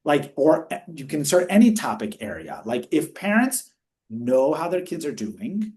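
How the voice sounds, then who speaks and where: A man presenting research findings in a webinar discussion, energetic and explanatory, rushing through quoted questions. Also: a little high. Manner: energetic, speeds up when quoting questions; teaching, explanatory.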